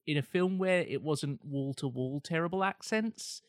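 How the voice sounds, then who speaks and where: A man in a casual film chat, giving measured, hesitant opinions with frequent restarts. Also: on the high side, no room sound, studio quality.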